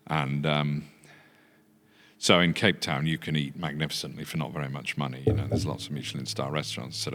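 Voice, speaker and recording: Very deep-voiced storyteller. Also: male voice, brisk, a little hiss or hum. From Yorkshire. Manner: relaxed storyteller with fillers. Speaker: guest, business founder. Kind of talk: anecdotal chat.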